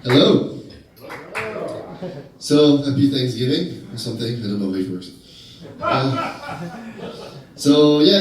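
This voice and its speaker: A man from France with a French accent performing a stand-up comedy set in a deadpan, halting way with many fillers. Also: medium pitch. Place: comedy club stage. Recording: echoey club, distant mic, crowd laughter.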